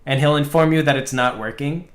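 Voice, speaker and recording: A man's voice: on the high side, brisk, reverberant, crowd noise. A man chatting casually on a live stream about the game he is building alone, rambling with lots of fillers. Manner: rambling, filler-heavy, animated storytelling. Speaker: solo indie game developer streaming.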